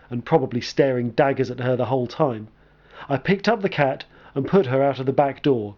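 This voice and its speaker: A man narrating a scripted comic story in a wry, deadpan manner. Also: mid-range voice, dull audio. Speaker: storyteller and game reviewer.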